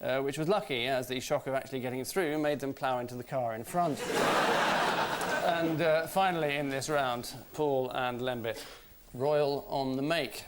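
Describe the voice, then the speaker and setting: A man hosting a quiz show, delivering scripted comic links in a dry, deadpan way. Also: medium pitch, moderate pace. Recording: loud studio audience and noise.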